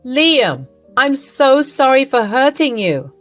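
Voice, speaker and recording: Brief: woman as a mock-desperate wife, high and pleading, faint music. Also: sing-song, slow, fairly bright tone, no echo, exaggerated voice.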